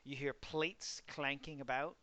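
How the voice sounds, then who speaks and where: A man's voice: medium pitch, steady tone, unhurried, a crowd in the background. A young man running an online tabletop game as game master, describing the scene in a casual, filler-heavy way. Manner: casual, loose, many fillers.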